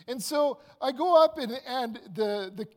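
A man in his fifties tells a personal anecdote. His voice sits high, and he rambles animatedly with fillers and restarts. The sound rings out with a long hall reverb. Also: a little slow, a little mellow. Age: 50s. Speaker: storyteller. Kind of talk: personal anecdote told aloud.

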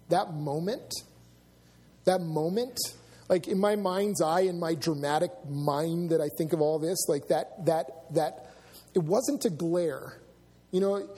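A man's voice: on the high side, unhurried, dark tone, husky, in a large hall. A man preaching a sermon as pastor, in a conversational way with asides to the congregation. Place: church sanctuary.

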